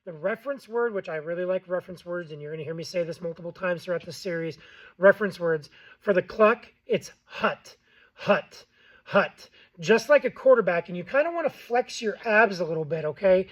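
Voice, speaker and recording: A man's voice: sits high, animated, a little fast, dull audio. A man hosting a casual how-to tutorial, plain-spoken with frequent ums and okays. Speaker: game call maker and tutorial host.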